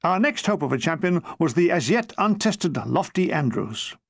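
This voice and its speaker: A man's voice: on the high side, big pitch swings, normal speed, no echo. A man reading his own memoir aloud in a dry, comic storytelling manner. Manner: dry comic storytelling, slipping into brief character voices. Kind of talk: audiobook narration.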